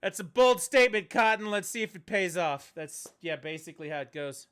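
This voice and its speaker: A man's voice: high voice, expressive, fairly quick, a bit bright, clean tone. A man streaming a video game, chatting casually and ranting bluntly, with some profanity. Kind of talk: casual livestream chat while gaming.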